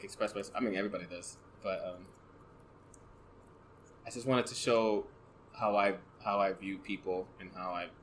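A man with a soft voice, a photographer guest talking casually and hesitantly, often searching for words. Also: on the low side, slight background noise, rough recording. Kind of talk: casual conversation.

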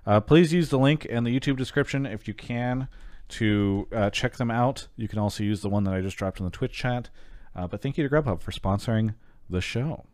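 A man hosting a call-in show, chatting casually and reading a sponsor spot, often trailing off quietly at the ends of sentences. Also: medium pitch, fairly quick, dry recording. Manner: relaxed, rambling, trails off quietly at line ends.

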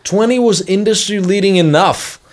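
A man's voice: high-pitched, moderate pace. A man co-hosting a casual tech podcast, rambling and joking, often trailing off mid-sentence. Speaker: podcast co-host. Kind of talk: casual chat.

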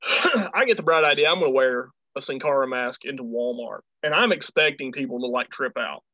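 A man's voice: medium pitch, animated, brisk, pushed and bright, dry recording. A man in casual chat, easygoing, reacting and then telling his own anecdote. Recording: dull dry audio.

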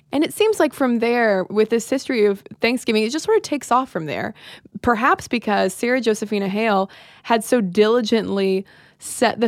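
A woman co-hosting a podcast, telling history in a relaxed, conversational way with the odd "um" and "uh". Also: medium pitch, no echo, studio quality. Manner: conversational, explains with fillers. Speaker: podcast co-host. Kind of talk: casual history chat.

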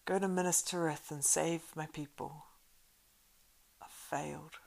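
Dying warrior man, stammery and weak woman reading it, low gravelly tone. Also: fairly even intonation, a little slow, darkish tone. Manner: faltering, stammering weak speech.

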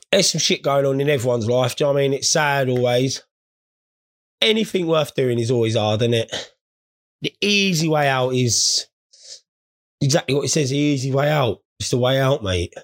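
Gravelly bloke ranting crudely. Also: male voice, medium pitch. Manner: crude, swearing, rambling banter. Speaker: vlogger. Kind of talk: casual comedic rant to camera.

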